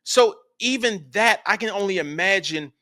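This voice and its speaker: A middle-aged man co-hosting a casual talk show, telling a story in a relaxed way and dropping quiet asides. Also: high-pitched, moderate pace. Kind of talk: casual chat.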